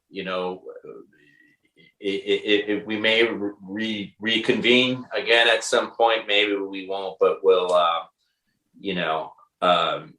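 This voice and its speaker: Man, musician guest, low bright voice, halting, roomy echo. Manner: halting, searching for words. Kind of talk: casual interview.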